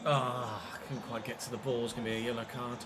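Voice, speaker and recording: A young man giving live commentary over a football video game, calm at times, then swearing and shouting at the game in frustration. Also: medium pitch, fairly quick, over a noisy crowd. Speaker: gaming streamer.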